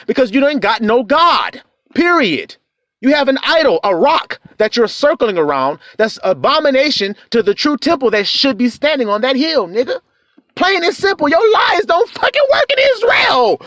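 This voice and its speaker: A man with a very high voice that leaps all over its range preaches in a taunting, profane way. He fires rhetorical question after rhetorical question. The sound is close and dry, with no room around it. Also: a bit bright, no echo. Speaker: online preacher. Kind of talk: confrontational preaching rant.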